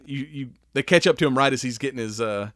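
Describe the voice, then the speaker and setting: A man's voice: mid-range voice, quick pace, a bit bright, no echo. Man, podcast host; rambling, giggly, profane retelling; dry, close sound. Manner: rambling, laughs often, swears freely. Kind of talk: casual chat.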